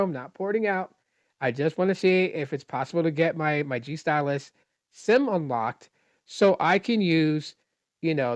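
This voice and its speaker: The speaker is a man whose voice is a little high, with no room sound in the recording. He delivers a casual, exasperated storytime rant about a customer service call, reproducing the conversation in his own voice and lingering on technical explanations.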